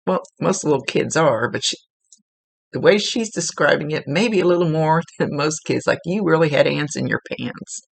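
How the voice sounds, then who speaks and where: A woman psychic medium giving a casual, gently instructive reading, relaying messages with chatty asides. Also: low-pitched, expressive, normal speed, vocal fry, slightly rough. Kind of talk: casual spoken reading to a client.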